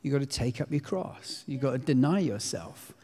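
A man, a pastor, talking through scripture in a measured, reflective way. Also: mid-range voice, animated, warm tone, big-room sound. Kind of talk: conversational Bible teaching.

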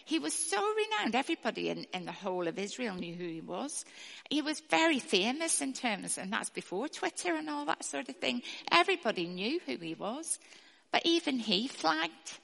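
A woman's voice: a little high, big pitch swings, moderate pace, gravelly, fairly bright tone. Chatty woman preaching in an echoey hall. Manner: chatty, frequent ums and asides. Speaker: speaker at church. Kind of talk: informal sermon with Bible reading.

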